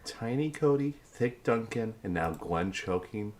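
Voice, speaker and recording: A man's voice: on the low side, animated, unhurried. A man chatting playfully on a live stream, goofy and joking, often slipping into silly voices. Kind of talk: casual live-stream chat.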